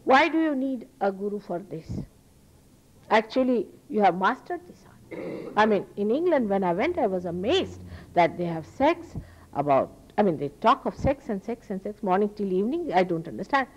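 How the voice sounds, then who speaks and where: Heard in a low-quality archival talk recording, a female spiritual teacher with an Indian accent lectures an audience at a moderate pace. Her mid-range voice is sing-song, and she repeats phrases earnestly and emphatically for stress.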